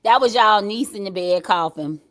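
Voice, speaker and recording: A woman's voice: mid-range voice, normal speed. A woman hosting a casual livestream from her home, talking straight to her chat viewers, laughing and swearing freely into her computer mic. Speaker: livestream commentary host. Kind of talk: casual live commentary to chat. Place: at home, upstairs.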